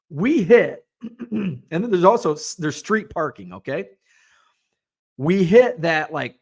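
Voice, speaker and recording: A man in his forties, a hobby show host, telling a rambling, self-mocking story in casual chat and swearing now and then. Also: fairly high pitch. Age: 40s.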